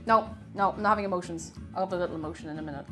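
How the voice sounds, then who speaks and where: A woman hosting a casual livestream, chatting excitably and thanking her viewers. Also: fairly low pitch, very fast, over loud music. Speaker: livestream host.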